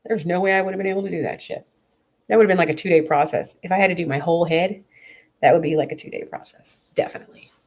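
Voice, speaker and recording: A woman's voice: fairly low pitch, fast talker, a little mellow. A young woman chatting casually to camera on her vlog, blunt, profane and rambling. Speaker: vlogger.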